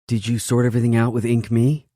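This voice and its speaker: A male narrator voicing a sharp-tongued young woman, his voice pitched up, loud and pushing back. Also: level tone, quick pace, no room sound, clean studio sound, lightly acted. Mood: curious.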